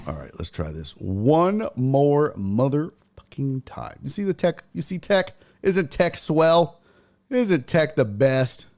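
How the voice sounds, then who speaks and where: A man's voice: fairly high pitch, very animated, slow, a little mellow. A man hosting a sports talk livestream, chatting casually in a rambling, profane way and laughing often. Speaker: sports show host.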